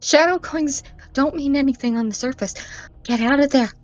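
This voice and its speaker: A woman's voice: high voice, normal speed, darkish tone, muffled recording, soft background music. A woman playing in a tabletop role-playing game, pleading urgently in character. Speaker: player.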